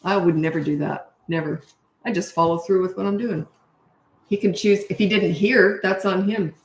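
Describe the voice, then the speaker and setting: A middle-aged woman coaching parents in a casual Q&A, blunt and matter-of-fact, now and then acting out short quotes in a higher voice. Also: fairly even intonation, moderate pace. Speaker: parenting coach answering viewer questions. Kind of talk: casual live Q&A. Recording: roomy echo.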